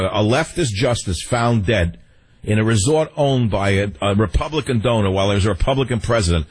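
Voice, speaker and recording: A man hosting a political talk radio show, ranting fast and emotionally and running over his words. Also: fairly low pitch, husky, poor audio.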